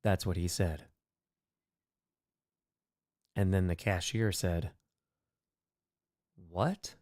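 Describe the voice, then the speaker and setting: A young man hosting a charity livestream, chatting casually and telling silly made-up stories in a deadpan way. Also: sits low, slow pace. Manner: playful, breaks into sudden loud shouted donor shout-outs. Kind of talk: casual live stream chat, improvising silly stories.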